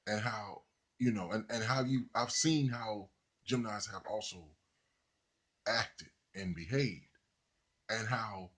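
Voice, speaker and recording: Husky man in a profane, rambling monologue. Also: fairly low pitch. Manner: rambling, profane, animated when quoting others. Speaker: podcaster. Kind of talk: casual monologue.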